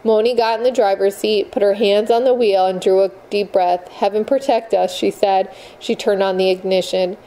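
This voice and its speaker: A woman narrates a novel aloud with measured, expressive pacing. Her voice is warm and mellow, sitting at a middling pitch. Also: a little hiss or hum, rough recording. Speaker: audiobook narrator. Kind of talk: scripted narration.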